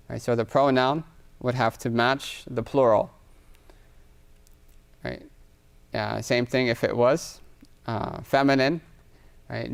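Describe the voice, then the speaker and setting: A man gives a patient grammar lecture, pausing often to ask "right?" as he works through examples. His voice has a gravelly edge yet stays smooth and clear. He sits at a middling pitch. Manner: explains patiently with frequent "right?" checks, writing examples on a board. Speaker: Arabic grammar teacher. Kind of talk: classroom lecture.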